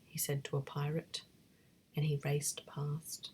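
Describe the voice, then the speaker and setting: A woman reading a bedtime story in a soft, breathy whisper. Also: sits low, monotone, slow pace.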